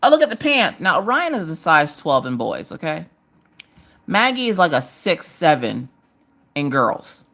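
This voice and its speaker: A woman's voice: low voice, very animated, unhurried, fairly bright tone. A woman in her thirties hosting a casual live stream, telling stories while she crafts and acting out quotes in different voices. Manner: chatty storytelling, acts out quotes in character voices; talks while working on a craft project.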